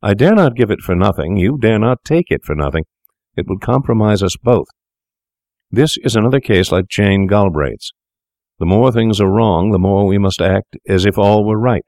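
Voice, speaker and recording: A man's voice: fairly low pitch, expressive, moderate pace, darkish tone, dry recording, clean studio sound, voice pushed up. A man doing a cool, coaxing young doctor. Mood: coolly insistent. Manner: smooth, coaxing, matter-of-fact. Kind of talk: audiobook character voice.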